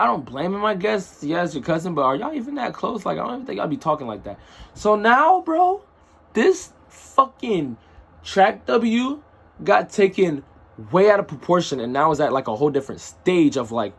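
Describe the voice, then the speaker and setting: A man's voice: sits high, vocal fry, fairly bright tone, breathy edge. A man telling a personal story in a casual, rambling way, full of slang and asides.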